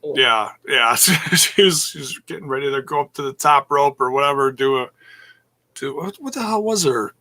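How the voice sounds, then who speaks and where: A man's voice: mid-range voice, animated, moderate pace, bright, forceful tone. A man co-hosting a casual podcast, rambling and thinking aloud as he talks. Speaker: podcast co-host.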